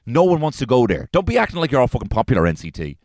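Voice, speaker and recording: A man's voice: mid-range voice, sing-song, very fast, darkish tone, no echo. A man with an Irish accent hosting a solo comedy podcast from inside his car, ranting in an exasperated, profane way. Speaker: podcast host.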